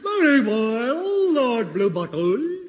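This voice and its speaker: A dopey slow-witted fool. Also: male voice, very high voice, sing-song, full character voice. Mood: goofy. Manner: dopey, drawling, goofy. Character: dim-witted slow young man, cheerful. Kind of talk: 1950s radio comedy acting. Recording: hissy old radio broadcast recording.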